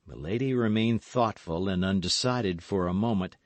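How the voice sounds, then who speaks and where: A man narrating a classic novel as an audiobook in a measured, unhurried manner. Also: deep voice, no echo. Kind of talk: scripted narration.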